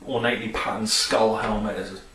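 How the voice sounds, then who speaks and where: A man's voice: fairly low pitch, fairly even intonation, brisk, far from the mic. A man chatting casually and enthusiastically about favourite film scenes, rambling with many fillers. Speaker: vlogger. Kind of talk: casual film and game review. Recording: echoey room, off-mic, faint hiss.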